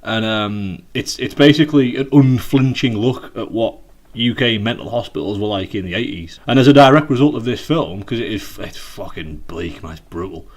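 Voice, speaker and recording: Brief: British man, low-pitched voice, loose and rambling, swears freely, stop-start delivery. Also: expressive, moderate pace. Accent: British English. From United Kingdom. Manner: rambling, sweary, with many fillers and restarts. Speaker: podcast co-host. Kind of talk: casual chat. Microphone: video call.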